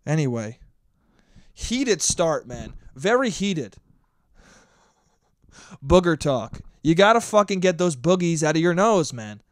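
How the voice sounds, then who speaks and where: A young man hosting his own podcast, ranting with lots of swearing and sometimes shouting into a handheld mic. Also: on the high side, slow pace, long pauses, no room sound, clean studio sound. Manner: profane, animated ranting; shouting at times. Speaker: podcast host. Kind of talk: solo podcast monologue.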